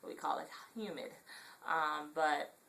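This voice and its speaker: Congested low-voiced Southern California woman. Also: slow, vocal fry, rough recording. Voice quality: congested, nasal. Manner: relaxed, rambling, many ums. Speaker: vlogger. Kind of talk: casual accent tag vlog.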